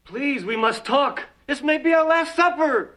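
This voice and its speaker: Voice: sits high, animated, unhurried, a bit bright, recorded from a distance. An exasperated, shooing disciple. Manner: urgent, shooing.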